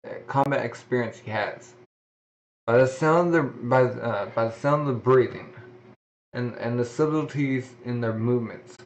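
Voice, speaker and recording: A man's voice: medium pitch, dull audio. A man reading a manga aloud, voicing the sound effects and often restarting his sentences. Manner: halting reading with frequent restarts. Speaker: manga reader.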